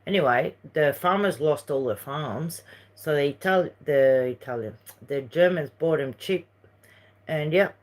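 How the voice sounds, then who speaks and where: Speaking in a deep, unhurried voice, this livestream host from Uruguay chats casually in her Uruguayan Spanish accent. She drifts from topic to topic and reads viewer messages aloud.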